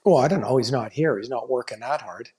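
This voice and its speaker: A man's voice: mid-range voice, fast talker, dark tone. A middle-aged man, a former player, co-hosting a casual sports podcast and telling stories in a blunt, joking way. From Canada. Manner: blunt, storytelling, laughing asides.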